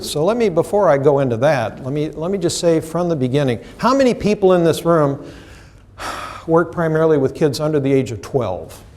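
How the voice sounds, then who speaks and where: An American man with a somewhat high voice gives an animated, direct seminar talk, quizzing and teasing the room. His voice shifts in loudness and speed as he drives each point home. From United States. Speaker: trainer presenting a seminar. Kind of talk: live seminar lecture to a room.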